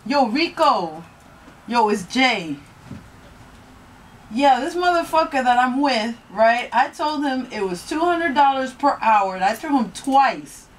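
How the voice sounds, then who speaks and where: A woman acting out a loud-mouthed sex worker who is brash and threatening. Her voice sits high, and her talk is profane and relentless in this comedy sketch. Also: animated, takes it slowly, slight background noise. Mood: complaining. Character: fiery, loud-mouthed female sex worker demanding pay.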